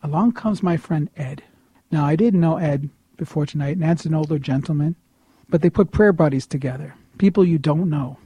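A man tells a personal story with lots of energy, his voice fairly high for a man. He swings from loud bursts to hushed asides. The recording is dry and close. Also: moderate pace, husky, no room sound. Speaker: storyteller sharing a personal testimony.

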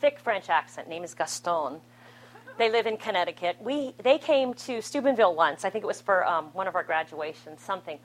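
Animated woman giving Catholic testimony. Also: medium pitch, fairly quick, poor audio. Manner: animated, conversational, self-deprecating storytelling. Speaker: speaker at a Catholic gathering. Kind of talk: spoken testimony to a live audience. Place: room with an audience.

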